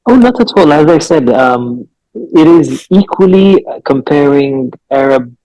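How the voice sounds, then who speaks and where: A man who speaks Arabic natively, with an American-influenced English accent, guesting on a radio interview and talking with many pauses and fillers. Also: fairly high pitch, expressive, warm tone, poor audio. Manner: halting, many fillers and restarts. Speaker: guest author.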